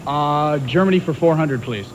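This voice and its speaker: A man competing on a quiz show, answering quickly and politely picking categories. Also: a little high, dull audio, slight background noise. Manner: quick, polite, matter-of-fact.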